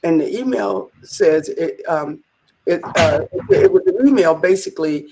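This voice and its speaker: A woman guest in a conversational interview, telling a story in an animated way and acting out the quotes. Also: low-pitched, moderate pace, breathy edge. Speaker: business leader, interview guest.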